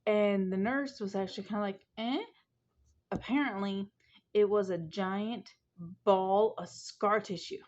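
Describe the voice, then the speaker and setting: A woman's voice: mid-range voice, steady tone, unhurried, darkish tone. A woman, chatting casually and rambling to her viewers from home. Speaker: vlogger. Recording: slightly muffled home recording.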